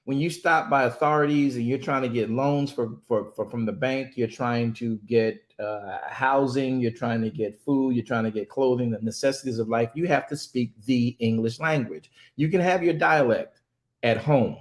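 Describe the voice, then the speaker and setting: A man who hosts and preaches on a talk show, emphatic and drawing out words to stress them. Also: mid-range voice. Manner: emphatic, drawn-out words for stress, quotes voices. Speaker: host and minister.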